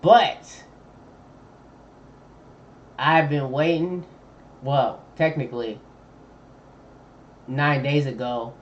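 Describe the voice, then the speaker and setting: Streamer man, laid-back slangy reaction chat, unhurried, dull lo-fi mic with faint room noise. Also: mid-range voice. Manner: laid-back slangy chatter, thinking aloud. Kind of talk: casual live-stream reaction commentary.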